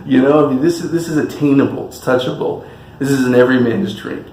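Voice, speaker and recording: A man's voice: mid-range voice, quick pace, darkish tone, a little hiss or hum. A man from California giving an enthusiastic, chatty tasting review as the host of his channel. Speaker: spirits reviewer. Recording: echoey room with faint music.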